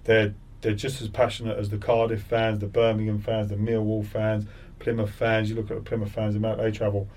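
A man's voice: lowish voice, completely flat delivery, a little fast, hardly any pauses, a little mellow, recorded from a distance. A middle-aged man, a former footballer, telling stories in a casual interview and acting out crowd taunts with a rising voice. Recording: voice set back from the mic.

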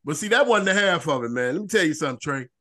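A man co-hosting a podcast, telling a long profane story in animated, repetitive bursts. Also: on the high side, racing. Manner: profane, animated storyteller who repeats phrases. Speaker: podcast co-host. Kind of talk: casual storytelling chat.

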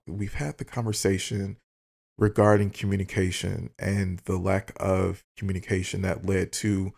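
Gravelly-voiced man venting candidly. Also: low-pitched, mellow. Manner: candid, swears freely, acts out both sides of texts. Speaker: podcast host. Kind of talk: casual storytelling monologue.

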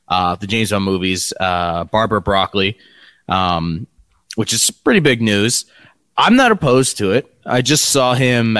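A man's voice: lowish voice, fairly bright tone, smooth, no echo. A man co-hosting a podcast, chatting casually and rambling with many fillers. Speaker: podcast co-host. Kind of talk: casual chat.

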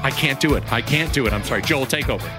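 A man's voice: mid-range voice, fast, over loud music. A man co-hosting a comedy podcast, flustered and giggly, breaking into laughter. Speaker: podcast co-host.

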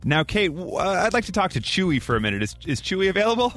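A man's voice: high voice, big pitch swings, fast, fairly bright tone. A man hosting a morning radio show in a playful, upbeat way, chatting with callers. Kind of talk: casual morning show chat.

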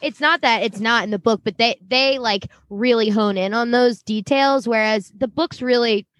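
A woman co-hosting a casual show recap, animated, swearing freely and laughing often. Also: on the high side, normal speed, dry recording. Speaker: podcast co-host, book reader.

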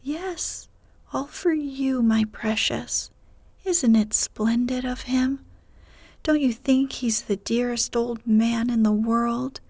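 A woman voicing an eager, excited young woman, Jo, in a whispered role-play, gushing in a breathless whisper. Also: on the high side, slow pace, dry recording.

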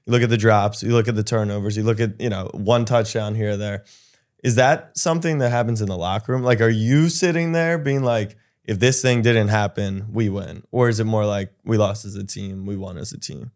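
A man's voice: fairly low pitch, a little fast, a little mellow. A man hosting a podcast, asking long setup questions in a casual, curious way. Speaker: podcast host. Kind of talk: casual interview chat.

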